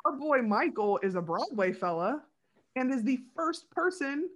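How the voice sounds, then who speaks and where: A woman co-hosting a casual podcast, talking through a TV episode with fan enthusiasm. Her speech is loose and chatty, scattered with "like" and quick asides. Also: sits high, very animated, fairly bright tone, highs cut off. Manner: chatty and enthusiastic, many "like" fillers. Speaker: podcast co-host.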